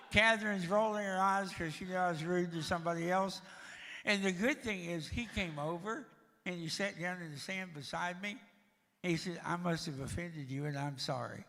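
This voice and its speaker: A man's voice: sits high, gravelly, pushed and bright, big-room sound, a little hiss or hum. An older man giving a storytelling talk at a church, with a dry, joking manner. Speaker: guest speaker.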